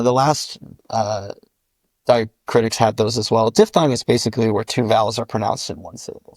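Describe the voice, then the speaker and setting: Male linguist guest, gravelly voice, dry close sound, walks through sounds one by one with examples. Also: mid-range voice, a little mellow, dry recording. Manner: methodical, spells out sounds with examples. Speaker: linguist guest explaining his constructed language. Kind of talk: patient step-by-step explanation.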